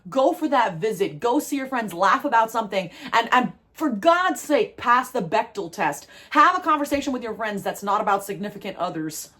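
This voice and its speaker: A woman from New Jersey giving a spiritual tarot reading, talking to viewers in an animated way, repeating phrases for emphasis and laughing often. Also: a little high, moderate pace, few pauses. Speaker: tarot reader.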